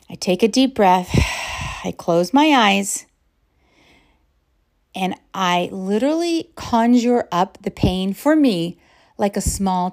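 Woman podcast host, middle-aged, mid-pitched, unhurried and gentle, easing now and then into soft whispers. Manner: slow, calm and reflective, drops to soft whispers at times. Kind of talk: guided mindfulness talk.

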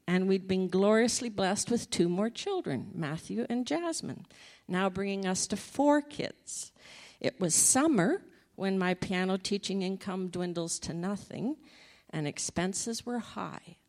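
A woman sharing a personal faith testimony in an animated storytelling manner, laughing often. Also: medium pitch.

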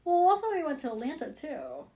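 A woman in casual chat, telling stories in an animated way and laughing often. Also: sits high, fairly quick. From United States.

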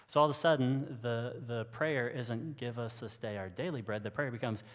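A man's voice: medium pitch, normal speed, big-room sound. A man giving a sermon as a pastor, talking in a casual, joking way with frequent restarts. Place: church sanctuary.

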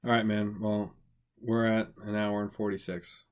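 A man's voice: on the low side, moderate pace, smooth. A young man co-hosting a podcast in casual chat, joking and swearing freely. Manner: profane, excitable, jokey. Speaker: podcast co-host.

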